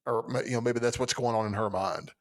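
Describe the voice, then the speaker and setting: A man of middle pitch chats casually as a podcast co-host. He keeps breaking off and restarting his sentences as he works out his thoughts. The sound is dry, with no room echo. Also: fairly even intonation. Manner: halting, restarts a lot while thinking aloud. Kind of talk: casual chat.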